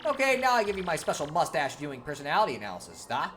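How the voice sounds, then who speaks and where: A woman's voice: low voice, sing-song, very fast. A woman reading the lines of a self-assured male bomb creature in a slightly raised, plain voice. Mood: smug. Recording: game music behind.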